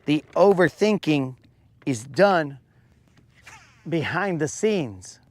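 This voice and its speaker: A man's voice: a little high, animated, slow, darkish tone. A man hosting a live fishing stream from a boat on a lake, chatting casually with his viewers in a rambling, jokey, self-mocking way. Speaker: fishing livestream host.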